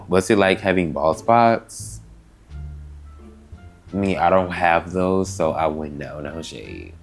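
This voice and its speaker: Deep-voiced young man vlogging casually. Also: fairly even intonation, slow pace, soft background music. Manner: chatty, rambling, slangy. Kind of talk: casual Q&A vlog. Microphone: camera mic.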